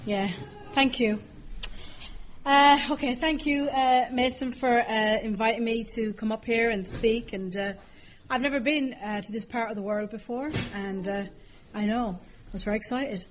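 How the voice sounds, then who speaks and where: A woman's voice: on the high side, normal speed, background noise. An Irish woman with a bit of a cold, giving a humorous, self-mocking recovery talk at a podium with lots of fillers. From Ireland. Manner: chatty, self-mocking, frequent fillers and laughs. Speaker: AA speaker.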